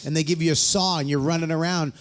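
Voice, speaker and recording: Profane ranting middle-aged comic. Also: male voice, fairly high pitch, steady tone, fast, a little hiss or hum. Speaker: guest comedian. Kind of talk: live podcast banter.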